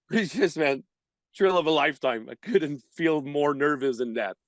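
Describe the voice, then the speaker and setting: Guy in his 30s, kinda high voice, acts out all the dialogue, dry close sound. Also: measured pace, no echo. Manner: animated storyteller, acts out dialogue, laughs often. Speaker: guest baseball performer. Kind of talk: storytelling in a podcast interview.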